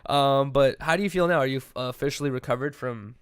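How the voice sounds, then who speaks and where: A young man in his twenties co-hosting a podcast, talking fast and casually, full of fillers and restarts. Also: medium pitch, clear, resonant tone, no room sound. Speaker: podcast co-host. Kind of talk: casual chat. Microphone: podcast mic.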